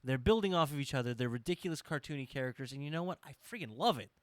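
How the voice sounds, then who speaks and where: A man co-hosting a casual podcast chat, animated and profane as he riffs. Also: medium pitch, very fast, no echo. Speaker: podcast co-host.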